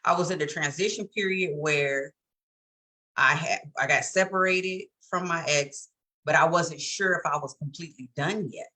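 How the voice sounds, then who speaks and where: Bright-voiced woman in candid chat. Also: low-pitched, normal speed. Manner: candid, storytelling, laughs often. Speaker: co-host. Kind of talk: casual chat.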